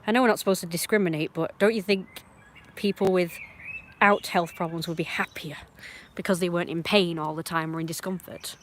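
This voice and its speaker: A woman ranting on her livestream in a blunt, rambling way, swearing often and swinging between muttering and loud outbursts. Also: fairly low pitch, fairly even intonation, fairly quick, a little hiss or hum. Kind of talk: casual livestream rant.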